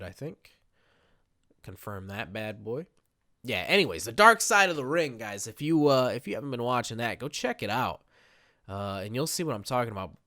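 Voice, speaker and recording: A chatty man rambling through casual gameplay commentary, poking fun at himself as he goes. His pitch bounces up and down a lot as he talks. The sound is dry and close, with no room echo. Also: a bit bright. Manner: rambling, chatty, self-mocking. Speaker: gaming video creator.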